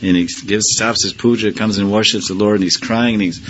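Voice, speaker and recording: A man's voice: on the low side, fairly even intonation, brisk, slight background noise. A man teaching a scripture class in a loose, conversational way, firing rhetorical questions at his listeners and chuckling now and then. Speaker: spiritual teacher.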